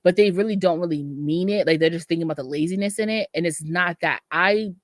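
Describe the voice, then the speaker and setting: A woman's voice: fairly low pitch, fast, no room sound, studio quality. A woman from Massachusetts co-hosting a podcast, talking bluntly in casual chat and laughing often. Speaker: podcast co-host.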